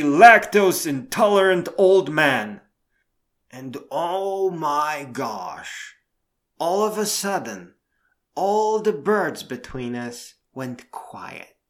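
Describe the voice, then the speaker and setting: A man telling a spooky-season anecdote as a storyteller, expressive and drawn out, slowing down for effect. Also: on the high side. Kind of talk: spoken anecdote told as a story.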